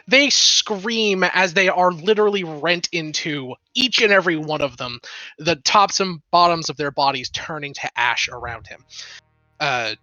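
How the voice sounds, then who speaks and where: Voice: medium pitch, measured pace, pushed and bright, no room sound, lo-fi sound. A game master narrating a tabletop game with vivid, profane descriptions and frequent laughs.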